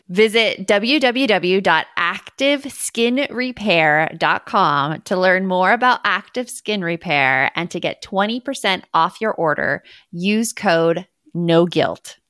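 A woman hosting a casual podcast, animated and feisty, with lots of "like" in her speech. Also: on the low side, measured pace, few pauses, dry recording, clean studio sound. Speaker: podcast host.

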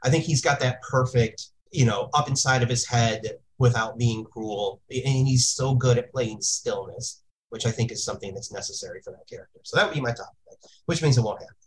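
A woman on a casual podcast chat who gives strong opinions in an animated way, repeating words when she gets worked up. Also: rumbling low, a little fast, poor audio. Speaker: podcast panelist.

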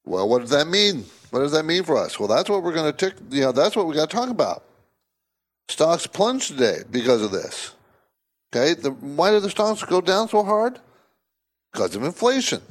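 Emphatic man hosting financial talk radio. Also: moderate pace. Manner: emphatic, repetitive, lively swings of pitch. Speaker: radio show host.

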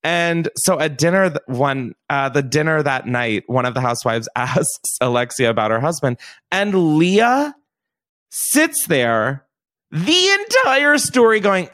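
Animated, rambling young man host. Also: on the high side, a little slow. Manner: animated, rambling, laughs often. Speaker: podcast host. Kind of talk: casual chat.

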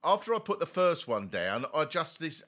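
Casting: comedian host, bright tense voice, swooping lively delivery. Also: male voice, on the high side, moderate pace. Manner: lively, wild comic ranting. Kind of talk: comic podcast storytelling.

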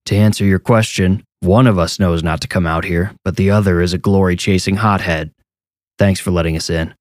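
A man voicing a gruff, seasoned older police officer who gives low, clipped orders. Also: steady tone, brisk, no room sound, clean studio sound, lightly acted. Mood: calm command.

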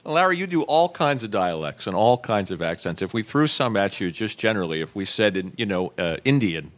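Low, lively-voiced male interviewer. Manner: casual, halting questions. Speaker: podcast interviewer. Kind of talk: interview questions.

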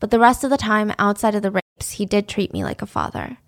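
A woman voicing a frightened twelve-year-old girl, pleading and quiet. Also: medium pitch, steady tone, fairly quick, lightly acted. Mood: ashamed.

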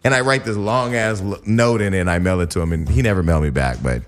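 A man telling a crude party story in a casual chat, animated and acting out the voices he quotes. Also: sits low, fast.

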